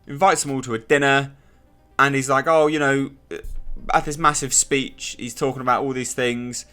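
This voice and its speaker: A man giving a casual spoken review, animated and sarcastic. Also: medium pitch, normal speed, soft background music. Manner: animated and sarcastic, mocking characters in silly voices. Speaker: video reviewer.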